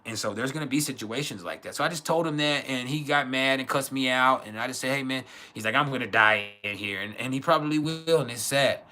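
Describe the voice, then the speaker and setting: Bright-voiced man telling a raw family story. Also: medium pitch, fast, hardly any pauses. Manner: emotional, rambling, swears freely. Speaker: astrology livestream host. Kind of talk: candid personal storytelling.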